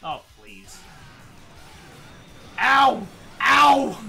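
Guy yelling and cussing over a fighting game, real bouncy voice, sharp tone. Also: very high voice, lively intonation, drawn-out words, creaky, soft background music. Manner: yelling, swearing, goofy trash talk. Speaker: gaming channel host. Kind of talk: loud casual gameplay banter.

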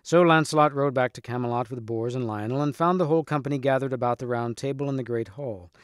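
A man reads a storybook chapter aloud in a steady, clear voice at an ordinary pitch. The recording is dry and close, with no room sound. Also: fast talker, dry recording. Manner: steady, clear narration with occasional restarts. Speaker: reader.

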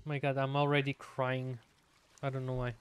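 A man's voice: medium pitch, completely flat delivery, moderate pace. A man co-streaming a game with easygoing, casual commentary, game music behind. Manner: easygoing, laughing.

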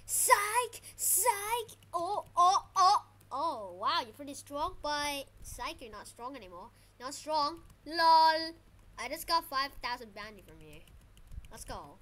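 A woman giving casual gameplay commentary as a channel host, excitable and trash-talking her opponents. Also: high-pitched, a little slow.

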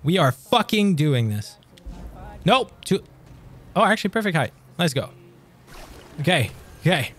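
Excitable swearing male game streamer. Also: on the high side, moderate pace, pauses often. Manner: swears and talks back to enemies, excitable. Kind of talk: live gameplay commentary.

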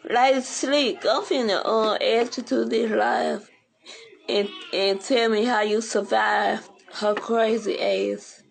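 A woman's voice: on the high side, steady tone, slow, creaky. A woman ranting bluntly and profanely in a casual livestream, rambling from one complaint to the next.

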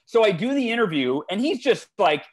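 A man, a guest author in a podcast interview, telling stories in an animated way with big swings in his voice. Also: sits high, fairly quick. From United States.

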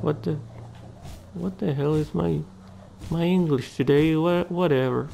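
A man's voice: fairly high pitch, a little slow, vocal fry, dark tone, slight background noise. A man hosting a gaming channel, giving casual gameplay commentary and muttering and swearing at the game.

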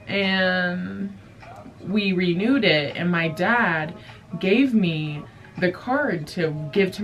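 A young woman vlogger rambling through a casual storytime, full of fillers and casual swearing. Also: fairly low pitch. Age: young adult. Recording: voice a bit distant from the mic, faint music behind.

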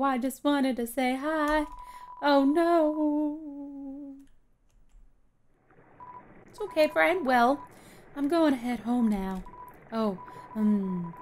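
A woman voicing a sad, shy, timid ghost in a video game, speaking quietly and hesitantly and apologizing often. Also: on the high side, slight background noise.

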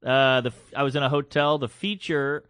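A man co-hosting a podcast, a comedian telling anecdotes in blunt, animated casual chat and acting out the people in them. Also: medium pitch, moderate pace, dry recording, clean studio sound.

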